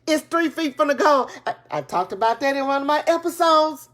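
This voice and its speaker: A woman giving a live motivational talk to her viewers, excited and preachy, repeating her points and speaking in casual, folksy grammar. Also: high-pitched, fairly quick. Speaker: motivational speaker and business coach. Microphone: tablet device.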